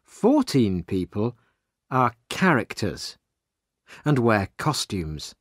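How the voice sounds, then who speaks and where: A man narrating a simple story slowly and clearly for English learners. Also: medium pitch, no echo, clean studio sound. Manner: slow, clear and expressive reading.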